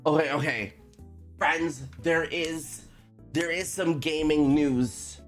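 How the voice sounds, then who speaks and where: A woman's voice: sits low, slow, faint music behind. A woman streaming a game, chatting casually and giggling with her chat. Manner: giggly, animated, talks to chat.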